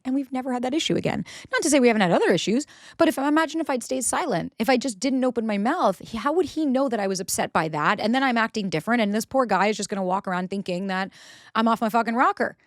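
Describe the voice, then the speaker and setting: Fast-talking blunt woman podcast host. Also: a little high, lively intonation, no room sound, studio quality. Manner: blunt, frequent swearing, acts out quoted dialogue. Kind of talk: casual advice monologue.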